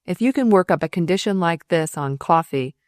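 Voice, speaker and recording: A woman voicing a blunt, irritable male senior surgeon in an audiobook, in a lowish, dry voice. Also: lively intonation, brisk, no room sound, close to an everyday voice. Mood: gruff. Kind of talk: audiobook character voice.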